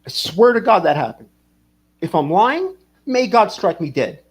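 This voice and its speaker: A man's voice: high-pitched, big pitch swings, measured pace, slightly rough. A man hosting a livestream, rambling casually, swearing and reading chat comments aloud. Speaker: livestream host.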